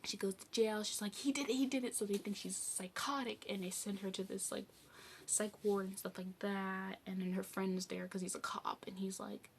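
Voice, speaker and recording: A woman's voice: medium pitch, little pitch movement, moderate pace, vocal fry, a little hiss or hum. Chatty young woman rambling through a recap. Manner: rambling, chatty, heavy use of "like" and "um". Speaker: movie review vlogger. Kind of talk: casual spoken movie recap.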